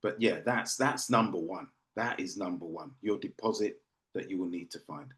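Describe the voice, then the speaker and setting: A man with a fairly low voice co-hosts an online property session. He speaks casually and emphatically over a video call. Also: normal speed, a bit bright. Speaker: co-host of property Q&A clinic. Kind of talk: casual webinar chat.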